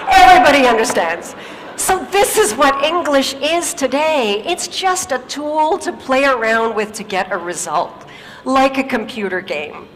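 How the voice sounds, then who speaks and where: A woman gives an emphatic stage talk, asking rhetorical questions and driving points home with repetition. Her voice is fairly high. It echoes through a big hall over faint background ambience. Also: expressive, normal speed, fairly bright tone, a little hiss or hum. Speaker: speaker giving a talk.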